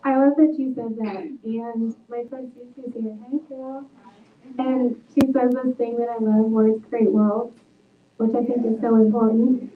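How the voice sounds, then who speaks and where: A woman's voice: a little high, little pitch movement, measured pace, a little hiss or hum. A woman author speaking at a book talk, telling stories earnestly and reflectively. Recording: tinny, echoey, far from mic.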